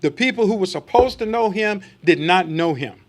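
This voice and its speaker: A man with a high-pitched voice preaches a sermon. He reads scripture aloud, then turns to rhetorical questions for the congregation and acts out little quoted voices to make his point. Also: animated, normal speed.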